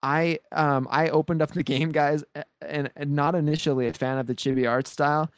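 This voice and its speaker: A man co-hosting a podcast, talking excitedly in casual chat and rambling with many restarts and repeated words. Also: on the high side, brisk, clear, resonant tone, no echo, studio quality. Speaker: podcast co-host.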